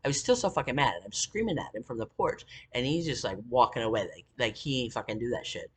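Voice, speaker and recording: Husky, heated woman telling a story. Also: a bass voice, expressive, quick pace. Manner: profane, heated, rambling. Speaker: vlogger. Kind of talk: rambling personal story monologue.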